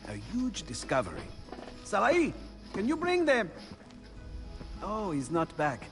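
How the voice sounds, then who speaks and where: An actor playing an older Renaissance inventor, gentle, musing and absent-minded. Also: male voice, high-pitched, wildly swooping pitch, slow pace, over music, full character voice. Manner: gentle, musing, enthusiastic about his research.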